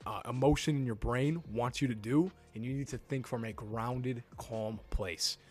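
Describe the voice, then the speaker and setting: A young man speaks in a blunt, assertive lecturing tone, laying out self-help advice as if straight to camera. His voice sits at an ordinary middle pitch. A light music bed plays softly beneath him. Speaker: self-help video host. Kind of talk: scripted advice monologue to camera. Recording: faint background music.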